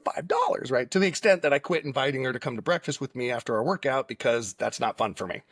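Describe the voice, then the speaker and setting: A man telling a long personal anecdote as a podcast guest, animated and peppered with "right?" and "okay?" as he acts out what people said. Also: medium pitch, fast, dry recording, clean studio sound. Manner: frequent tag questions like right and okay. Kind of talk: casual storytelling.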